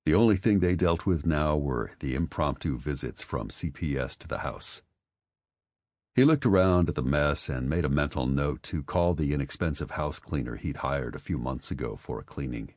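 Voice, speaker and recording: Very deep-voiced male audiobook narrator. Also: lively intonation, normal speed, a little mellow, no echo. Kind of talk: scripted narration.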